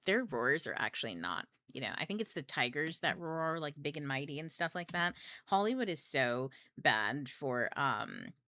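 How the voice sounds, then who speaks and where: A woman's voice: deep voice, sing-song, normal speed, bright, forceful tone. A young adult woman hosting a book club, talking casually about astrology in a rambling, candid way, swearing freely. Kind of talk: casual livestream talk on astrology.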